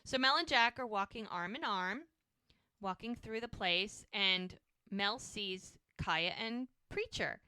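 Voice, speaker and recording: A woman with a bright, forceful voice retells the scenes of a TV episode in casual podcast chat. She tells it as an animated storyteller and breaks off into chatty asides. The sound is close and dry. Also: mid-range voice, takes it slowly, smooth, dry recording. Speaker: podcast co-host.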